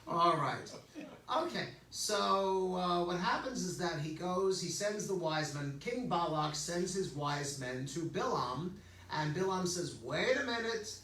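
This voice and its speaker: Brief: older male rabbi, casual joking sermon, bright slightly high voice, distant mic in an echoey sanctuary. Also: measured pace. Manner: joking, conversational, lots of okays and asides. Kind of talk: informal sermon. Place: synagogue sanctuary. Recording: echoey hall, distant mic, faint hum.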